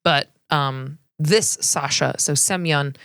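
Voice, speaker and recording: A woman's voice: sits low, slow pace, vocal fry, fairly bright tone, clear, resonant tone, dry recording, studio quality. A woman co-hosting a podcast, reading researched history in a casual, conversational way. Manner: reads researched history conversationally, laughs often. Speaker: podcast co-host. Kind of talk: casual storytelling chat.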